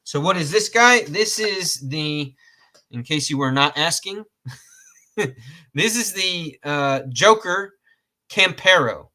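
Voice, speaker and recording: A man from Georgia talks through a casual gear review at an unhurried, drawn-out pace. His voice is bright and forward. He rambles and restarts his sentences, chuckles at his own jokes and throws in a mild curse now and then. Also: on the high side, lively intonation. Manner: rambling, self-correcting, laughs at own jokes, mild cursing. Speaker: host reviewing outdoor knives.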